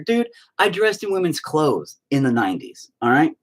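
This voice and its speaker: Man in his 40s, husky voice, lively swooping pitch, cussing, heated casual rant. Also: normal speed. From Oklahoma. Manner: profane, heated, animated storytelling.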